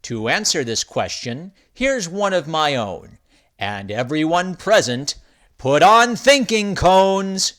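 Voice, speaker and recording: A man's voice: a little high, sing-song, fairly bright tone, voice pushed up, heavily acted. A man voicing a kindly schoolteacher who speaks firmly and encouragingly to his class in a rhyming storybook. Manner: firm, measured classroom voice. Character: kindly male schoolteacher, firm but encouraging.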